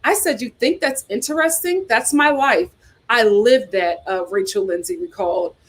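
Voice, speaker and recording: Her voice a little high and her pace moderate, the host of a casual commentary show reads out articles and viewer comments. She responds to them in an outspoken, exclaiming way.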